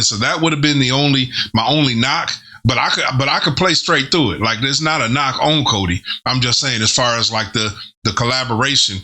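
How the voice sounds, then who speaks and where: Male reaction host, casual and excitable, bright forceful tone, slangy with the odd curse. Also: mid-range voice. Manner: excited, talkative, loose slang with swearing. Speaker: host reviewing an album.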